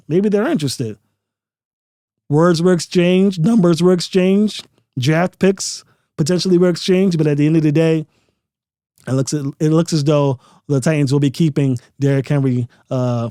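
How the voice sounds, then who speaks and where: A man hosts a sports podcast in an emphatic, casual way, leaning on repeated phrases. His voice sits a little high but sounds mellow. The recording is dry and close. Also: no echo. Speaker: podcast host.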